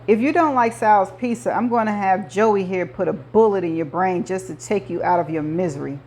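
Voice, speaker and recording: A woman's voice: mid-range voice, normal speed, a little mellow, close to an everyday voice. A woman reading an audiobook, voicing an older male mob boss who talks like a movie gangster, menacing and jovial. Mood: boastful. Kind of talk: audiobook character voice.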